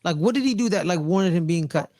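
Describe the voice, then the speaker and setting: Brief: excitable male sports podcast co-host, high voice, dry close sound, repeats himself a lot. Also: quick pace, dry recording. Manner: excitable, repeats phrases for emphasis. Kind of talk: casual sports chat.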